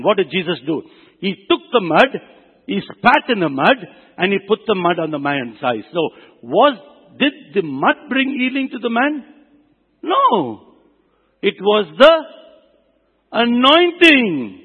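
A man's voice: sits high, breathy edge. A man preaching a sermon in a church, emphatic, quizzing his congregation and pleading with them to listen. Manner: emphatic, asks the congregation questions and pleads "please". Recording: tinny phone-like sound with long hall reverb.

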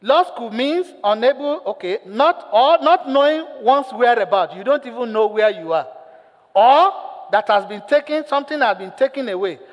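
A male pastor preaches a sermon, telling a story full of lively acted-out lines and posing questions to the congregation. His voice is high, and he is in a large hall.

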